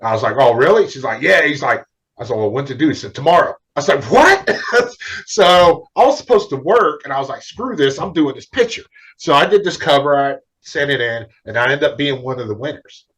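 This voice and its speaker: A man's voice: mid-range voice, fast. A middle-aged man, a comic book artist, telling stories in a casual interview and acting out what others said. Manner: animated, acts out other people's lines.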